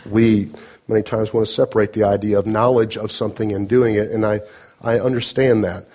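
A man's voice: medium pitch, a little mellow. A man pastor reading scripture in a sermon with brief asides, then leading a prayer to a congregation.

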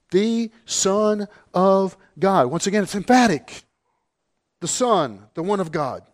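A man preaching a sermon, emphatic, dropping low and then rising. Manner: emphatic, swings between low and raised voice.

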